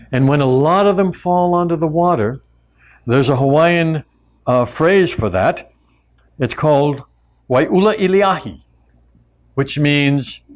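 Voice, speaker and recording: A man telling a traditional tale to a live audience in a relaxed, conversational way with frequent asides. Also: medium pitch. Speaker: storyteller and teacher. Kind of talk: oral storytelling to a live audience.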